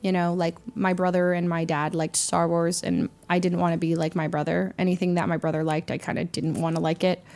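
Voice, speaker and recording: A woman livestreamer in casual chat with her viewers, rambling and animated, often laughing at herself and restarting her sentences. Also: on the low side, a little fast, few pauses. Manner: rambling, animated and self-deprecating, with frequent restarts.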